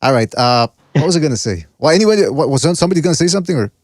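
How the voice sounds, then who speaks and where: A man's voice: on the high side, sing-song, rapid-fire, dry recording, clean studio sound. A man hosting a boxing podcast in casual chat. He talks in a brash, loose way, swears freely and walks viewers through fight clips. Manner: brash, swears, gives shout-outs.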